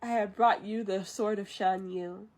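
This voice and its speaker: A woman voicing a brave, dutiful young woman warrior in a soft, earnest voice. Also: mid-range voice, steady tone, a little slow, lightly acted.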